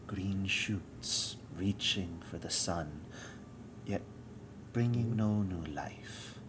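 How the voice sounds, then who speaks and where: A man voicing an ancient male forest spirit in a whispered role-play, with slow, solemn, villainous monologuing. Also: deep voice, background noise. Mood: ominous.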